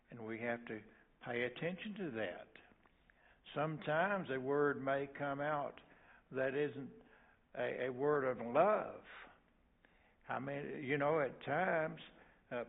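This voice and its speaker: An older man preaching a sermon as pastor, halting and repeating words, with folksy asides. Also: medium pitch, vocal fry. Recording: tinny phone-like sound.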